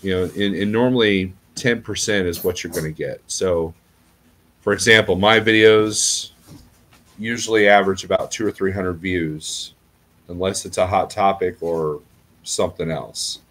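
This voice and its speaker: A man's voice: deep voice, steady tone, measured pace, a bit bright. A middle-aged man, a trucker, talking in a rambling casual vlog and often checking in with "okay?". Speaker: trucker YouTuber.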